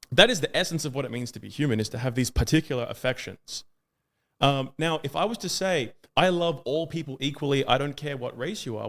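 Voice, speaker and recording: An Australian man giving an impassioned monologue, emphatic and often pausing on "uh" as he builds in intensity. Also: medium pitch, creaky, fairly bright tone. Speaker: speaker.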